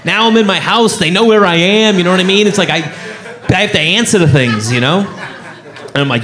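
A man's voice: high-pitched, fairly quick, fairly bright tone. A man doing stand-up comedy, telling a story in a playful way with lots of asides.

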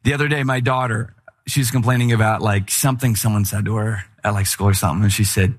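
A male pastor giving a conversational sermon in an animated, candid way, with humorous asides. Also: lowish voice, quick pace.

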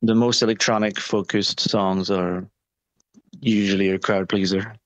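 Low-voiced man, halting interview answers. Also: fairly even intonation, dry recording, muffled recording. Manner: halting, many restarts and fillers. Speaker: touring musician, interview guest.

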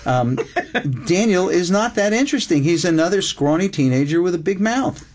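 A man's voice: sits high, animated, moderate pace, a little mellow. An older man, a screenwriter guest in a casual interview, talking reflectively and drawing out words for emphasis.

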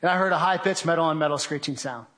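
A man's voice: a little high, fast talker, a bit bright. A middle-aged man giving an earnest spoken testimony to an audience, telling his story in a direct, conversational way. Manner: earnest storytelling, addresses listeners as guys. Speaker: guest speaker.

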